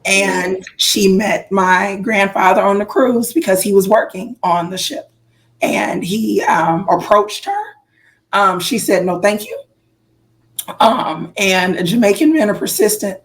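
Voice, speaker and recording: This is a woman co-hosting a casual podcast chat. Her pitch sits in the middle of the range, and she tells long family stories with restarts and filler words. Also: measured pace. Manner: animated storyteller, frequent fillers and restarts. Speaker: podcast co-host.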